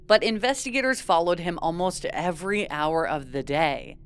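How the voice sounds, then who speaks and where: Lowish-voiced chatty young woman. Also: moderate pace, smooth. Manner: chatty, laughs often, uses "like" a lot. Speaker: podcast co-host. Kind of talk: casual true-crime podcast chat.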